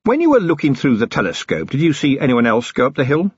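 A man's voice: mid-range voice, wildly swooping pitch, quick pace, breathy edge, no echo, pitched above the performer's own voice. A man voicing a weary male police commander who speaks in a dull, grim, thoughtful way, on a dull lo-fi audiobook recording.

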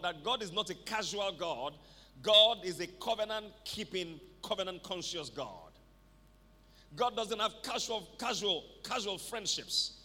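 A man's voice: high-pitched, bright, forceful tone. A man preaching a fervent sermon, calling out to the congregation for responses. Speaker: pastor. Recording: echoey hall with long reverb.

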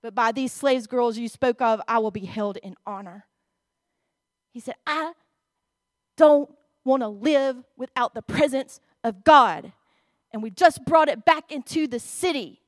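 A woman's voice: on the high side, measured pace, no room sound, studio quality. A woman, preaching a sermon in a church, reading scripture aloud and speaking expressively to the congregation.

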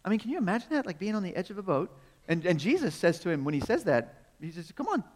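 Speaking fast and very animated in a high-pitched voice, a man gives a sermon as a casual story. He asks rhetorical questions and chuckles often, and the recording has a large hall's long reverb.

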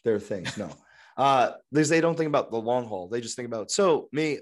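A man's voice: animated, brisk. A young adult man with a sore throat, chatting casually on a podcast with lots of fillers. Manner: rambling, lots of fillers, puts on high voices for quotes. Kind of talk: casual chat.

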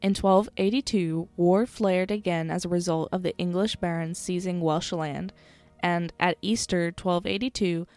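A woman's voice: on the low side, a little mellow, dry recording. A tired woman co-hosting a podcast, teasing her friend and then reading history steadily from notes. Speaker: podcast co-host. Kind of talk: casual chat and reading history.

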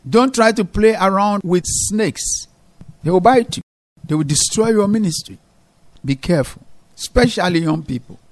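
A man preaching a sermon as pastor, emphatic, swinging between loud calls to his listeners and low, quiet stresses.

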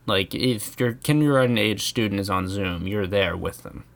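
A rambling American man rants in a loose, comedic way, swearing freely and chuckling at his own points. His voice sits on the low side for a man. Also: moderate pace, gravelly. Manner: rambling, profane, chuckling, with many fillers. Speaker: vlogger. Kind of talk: casual comedic rant.

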